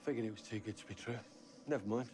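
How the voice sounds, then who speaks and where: A woman's voice: rumbling low, fast talker, warm tone, soft background music, voice pushed down. A woman voicing a courteous adult man ordering cigarettes, in an exaggerated put-on accent. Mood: polite.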